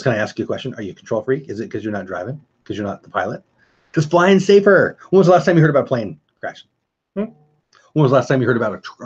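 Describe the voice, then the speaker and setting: A middle-aged man with a husky, slightly breathy voice hosts a relaxed late-night livestream from home. He rambles from one story to the next and greets viewers in chat by name. The audio is a bit dull and lo-fi. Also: mid-range voice. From California. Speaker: livestream host. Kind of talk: casual livestream chat reading viewer comments.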